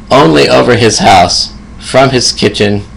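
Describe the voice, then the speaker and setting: A man's voice: medium pitch, creaky, a bit bright, breathy edge, rough recording. A man in his fifties, a hospice nurse, telling a personal story in a reflective way and laughing often. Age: 50s.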